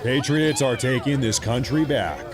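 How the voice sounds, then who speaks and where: A man's voice: mid-range voice, a little slow, crowd noise. A man streaming live commentary over a video feed, talking in a mocking, sarcastic way.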